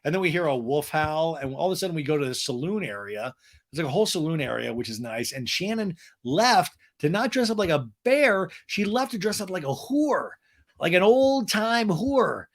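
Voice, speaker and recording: A man's voice: a little high, animated, normal speed. A man hosting a podcast, giving a snarky, rambling comedic recap. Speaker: podcast host. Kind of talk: comedic recap of a reality show.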